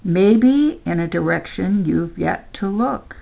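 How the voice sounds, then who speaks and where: A woman doing a gentle old grandpa. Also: on the low side, lively intonation, slow pace, vocal fry, muffled recording, exaggerated voice.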